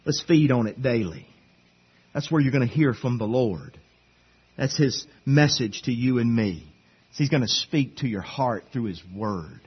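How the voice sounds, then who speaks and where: A man's voice: medium pitch, lively intonation, unhurried, breathy edge, muffled recording. A middle-aged man preaching a sermon to his church as their pastor, earnest and pleading, urging them again and again. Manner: earnest, pleading, repetitive exhortation. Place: church sanctuary.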